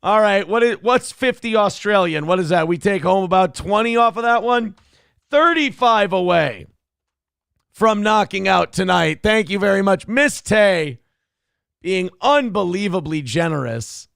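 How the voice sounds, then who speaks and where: A man hosting a casual livestream, rambling excitably with crude jokes and cooing to his dog. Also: high-pitched, a little slow, creaky, smooth, no room sound, clean studio sound. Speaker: livestream host.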